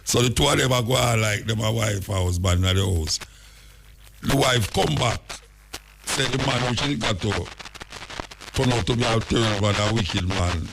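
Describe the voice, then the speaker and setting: A man's voice: lowish voice, normal speed, creaky, noisy background. A Jamaican man hosting casual talk radio, rambling through anecdotes in patois and chuckling often. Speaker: radio talk show host.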